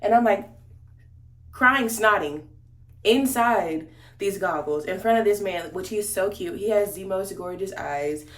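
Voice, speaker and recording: A woman's voice: medium pitch, a little slow. Chatty woman vlogger in a roomy room. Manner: chatty, slangy, talks straight to viewers. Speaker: beauty vlogger. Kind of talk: casual storytime chat during a makeup tutorial. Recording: roomy echo.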